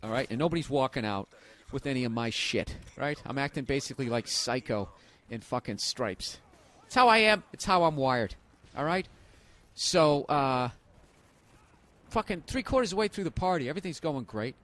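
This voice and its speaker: A man's voice: medium pitch, animated, moderate pace, a bit bright. A man in his forties telling a comic story in a profane, exasperated rant. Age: 40s. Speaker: comedian. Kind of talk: comedic storytelling monologue.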